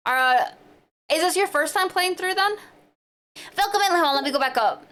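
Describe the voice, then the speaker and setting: A woman livestreamer talks casually to her viewers in a high, bright voice. Her pitch leaps up and down as she squeals greetings and jokes around. She sounds bubbly and playful at a close desk microphone. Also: lively intonation, normal speed, slight background noise. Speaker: streamer. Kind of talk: casual live-stream chat.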